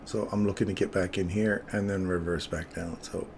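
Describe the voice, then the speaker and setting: A man with a lowish voice talks through his market charts in a relaxed, chatty way. He greets viewers by name as he narrates his trades live. A faint hiss sits under the recording. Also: brisk. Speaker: trading streamer. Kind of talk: live trading commentary.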